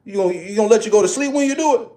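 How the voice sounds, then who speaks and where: A man putting on the voice of his older mother, brash and profane, scolding him loudly. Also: high voice, racing, pitched above the performer's own voice, lightly acted. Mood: incredulous. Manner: loud, incredulous scolding.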